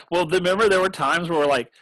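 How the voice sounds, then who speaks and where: A man's voice: high-pitched, fairly quick, a bit bright, dry recording, poor audio. Chatty laughing man, dry room. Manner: chatty, laughs often, rambling restarts. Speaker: game master and podcast host. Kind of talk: casual chat.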